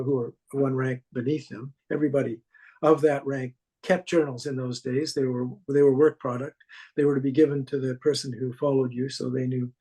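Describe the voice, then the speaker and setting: Husky, halting Canadian author. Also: male voice, medium pitch, dark tone, poor audio. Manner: halting, many restarts and fillers, with light laughs. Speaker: author and documentarian guest. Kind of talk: interview answers.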